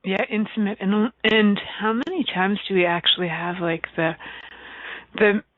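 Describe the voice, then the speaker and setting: A woman's voice: mid-range voice, moderate pace, no echo. A woman hosting a radio talk show, playful and bubbly as she jokes with her guest. Her voice is thin and tinny, like a phone line, with a dry sound. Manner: joking and bubbly. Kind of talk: playful casual chat.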